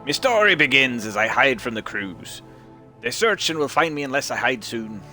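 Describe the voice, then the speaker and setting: A man putting on a pirate voice to read out a rhyme, in a slow, loud, theatrical way. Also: medium pitch, very animated, soft background music, voice pushed up. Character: swaggering male pirate reciting a rhyme.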